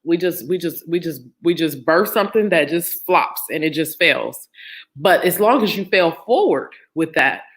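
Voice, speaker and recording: A woman with a fairly low, full voice hosts a motivational live stream. She tells her story in an animated way and greets viewers by name as she goes. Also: normal speed. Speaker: host.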